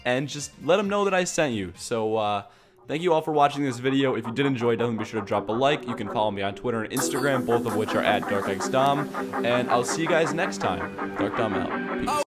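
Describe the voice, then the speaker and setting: A young man giving casual, jokey reaction commentary on internet videos, dry and wry, often laughing or shouting for effect. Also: medium pitch, lively intonation, fairly quick, over loud music.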